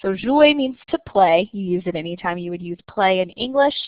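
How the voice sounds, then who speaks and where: A woman teacher explaining a lesson patiently and clearly, slowing down to stress each example. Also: mid-range voice, expressive, no echo, lo-fi sound. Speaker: French teacher. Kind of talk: recorded lesson narration.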